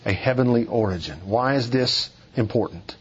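A man's voice: mid-range voice, expressive, moderate pace, slightly rough, muffled recording. A man preaching an expository sermon, emphatic and repeating key phrases for weight.

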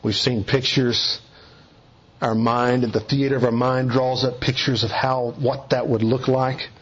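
A man preaching an expository sermon in a measured way, slowing down on key phrases for emphasis. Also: medium pitch, flat delivery, breathy edge, highs cut off.

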